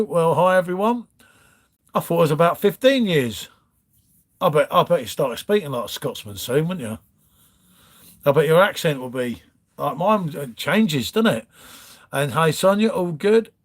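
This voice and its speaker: A man hosting a casual live stream, reading out viewer chat and bantering like a friendly pub regular. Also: sits high. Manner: chatty, matey banter, calls everyone mate. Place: home, pub-style setup.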